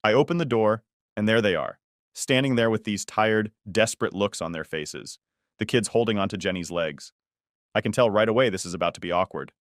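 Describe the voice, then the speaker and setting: A man narrating a first-person family story in a steady, conversational way. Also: on the low side, dry recording, studio quality.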